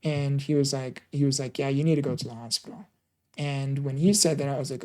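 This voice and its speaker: A man tells his own story in a mellow, soft-toned voice. He sounds earnest and emotional. He often halts, repeats and restarts his words. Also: medium pitch, steady tone, brisk. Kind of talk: personal storytelling.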